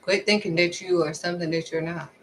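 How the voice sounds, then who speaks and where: Animated woman preaching self-knowledge. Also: on the low side, fairly quick, slight background noise, rough recording. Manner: animated, acts out little back-and-forth exchanges; direct, preachy, repeats questions at the listener. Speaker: faith vlogger. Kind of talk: casual motivational talk.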